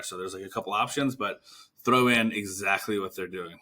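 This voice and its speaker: A man's voice: sits low, a little fast, sharp tone. A man coaching physical therapists on sales calls, energetically acting out both sides of example conversations. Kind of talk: instructional talk with role-played call examples.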